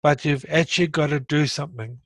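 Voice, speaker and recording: A gravelly, slightly high-voiced middle-aged man talks briskly about getting over a stroke, in a dry recording. He's earnest and straightforward in this relaxed conversation, picking up energy when retelling what happened.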